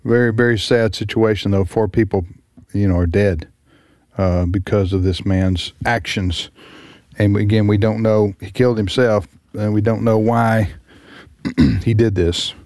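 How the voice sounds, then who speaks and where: A man hosting a radio talk show, speaking haltingly with many fillers and restarts in a somber tone. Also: lowish voice, fairly even intonation, darkish tone, no room sound, studio quality.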